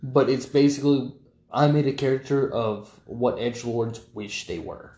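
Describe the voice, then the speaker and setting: A man's voice: mid-range voice, normal speed, a little mellow. A man in casual banter about tabletop games, enthusiastic and blunt, swearing casually. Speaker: tabletop gaming podcast co-host. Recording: echoey room.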